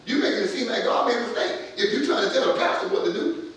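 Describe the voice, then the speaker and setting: A pastor preaching a sermon in an emphatic, colloquial way, moving between quiet scripture reading and near-shouting, with words often stammered and repeated. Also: male voice, very high-pitched, fast talker. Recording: very echoey room, mic far off, faint noise.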